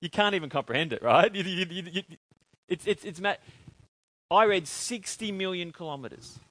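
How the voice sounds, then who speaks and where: A man preaching a sermon, in an animated way, asking his congregation questions and answering them himself. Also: sits high, moderate pace, no echo.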